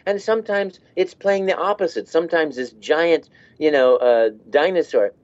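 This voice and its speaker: A man's voice: fairly high pitch, normal speed, darkish tone, lo-fi sound. A man who works as a voice actor, talking casually in an interview and laughing as he demonstrates voices.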